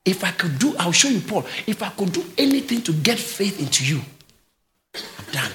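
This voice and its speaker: A high, bright male voice, preaching with big swings in pitch from quiet asides to shouted calls. He often laughs between phrases. The sound carries the echo of a large church hall. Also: a little fast, slight background noise. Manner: animated preaching, rising to shouts. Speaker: pastor. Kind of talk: sermon.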